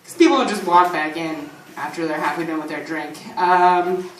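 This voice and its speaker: A woman's voice: low-pitched, moderate pace, slight background noise. A woman in her twenties doing loose, improvised open-mic stand-up, rambling and swearing freely on a small comedy stage. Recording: echoey room, mic at a distance.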